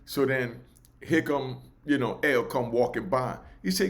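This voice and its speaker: Animated storyteller. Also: male voice, mid-range voice, unhurried. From New York. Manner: animated, loose, keeps asking "you know what I mean". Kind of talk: casual oral storytelling.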